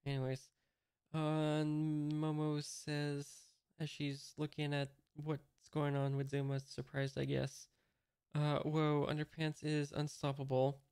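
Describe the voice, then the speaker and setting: A man's voice: on the high side, completely flat delivery, slow pace, a little mellow, clear, resonant tone, dry recording, studio quality. A man casually reading a comic aloud, hesitantly describing each panel as he figures it out. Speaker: host reading a manga aloud. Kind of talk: casual read-along commentary.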